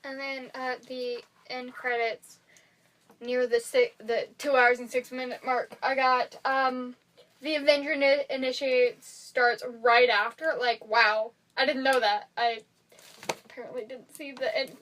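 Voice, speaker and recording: A woman's voice: sits high, flat delivery, unhurried, fairly bright tone, poor audio. A young woman co-hosting a casual podcast, animatedly retelling movie scenes with frequent laughs. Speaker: podcast co-host. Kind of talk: casual chat.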